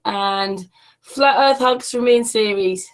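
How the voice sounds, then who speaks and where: Woman co-host, mid-pitch, chatty sign-off. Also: takes it slowly. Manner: chatty and friendly, thanks viewers. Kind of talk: casual chat wrapping up a stream.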